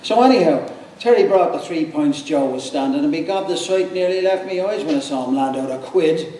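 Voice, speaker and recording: A man with a Dublin accent giving a quick, lively, chuckling live reading of a story. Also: fairly high pitch, slight background noise. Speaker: reader. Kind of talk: dramatic live reading of fiction. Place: large hall with audience. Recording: echoey hall, mic from far off.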